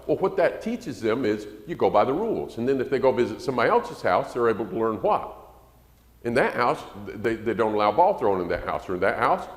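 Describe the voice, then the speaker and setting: A man preaching a sermon in a folksy, conversational way, his pitch rising and falling freely. He sometimes acts out quoted parents in a shrill voice. The sound carries the long reverb of a roomy church hall. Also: big pitch swings, brisk. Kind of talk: sermon lesson to a congregation.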